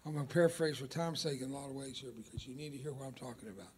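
An older man whose first language is Spanish, preaching an emphatic sermon with dramatic pauses and stretched key words. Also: mid-range voice, a little mellow, slight background noise.

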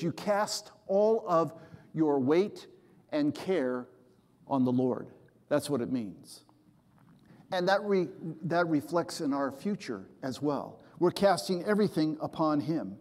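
A man's voice: on the high side, a little mellow. Older preacher man in a reverberant hall. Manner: storytelling preacher, acts out quoted voices. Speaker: pastor. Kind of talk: sermon.

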